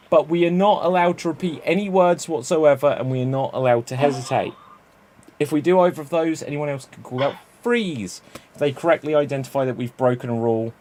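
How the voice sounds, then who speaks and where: A man's voice: a little high, slight background noise. A man hosting a live-streamed improv comedy show, explaining game rules and chatting with the audience, often laughing at his own slips.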